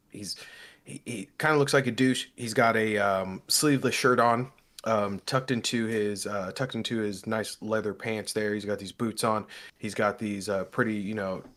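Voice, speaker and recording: A man's voice: fairly low pitch, fairly bright tone. A man narrating a tabletop game as game master, in a casual, rambling way with many fillers.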